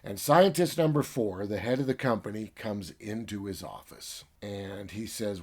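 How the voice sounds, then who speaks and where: A man's voice: on the low side, moderate pace, hardly any pauses, a little mellow. A man reviewing a book by retelling its plot in a chatty, filler-heavy way. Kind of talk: casual story retelling.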